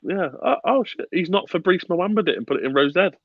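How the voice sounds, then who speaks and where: A man hosting a casual football podcast, animated and swearing freely, with bursts of laughter. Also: high voice, fairly quick, no echo, narrow, tinny audio. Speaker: podcast host.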